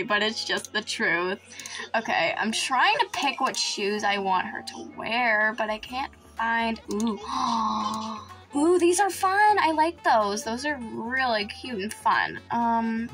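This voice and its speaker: A woman with a fairly high voice hosts a let's-play commentary. She gushes, gasps and squeals often, and slips into playful laughter. Soft music sits faintly underneath. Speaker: gaming channel host.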